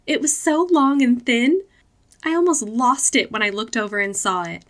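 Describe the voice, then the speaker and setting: A playful young woman bubbles over with excitement, as a female narrator puts her on. She sounds high and bright, breathless and giggly, with a forceful ring. It comes across as a storybook voice in an adult audiobook. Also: normal speed, lightly acted. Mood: giddy excited.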